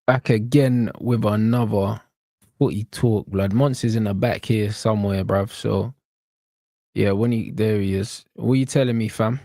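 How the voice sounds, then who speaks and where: A man's voice: fairly low pitch, fairly even intonation, a little slow, warm tone, no echo, studio quality. A man, angrily fuming about his football team in casual slang-heavy chat. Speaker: football channel host.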